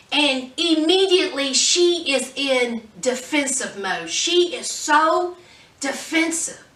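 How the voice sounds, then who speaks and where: A woman vlogger with a high, bright, forceful voice chats casually and sassily about celebrity news, gossiping and calling people "honey." It's pop-culture commentary recorded with roomy echo on a distant mic.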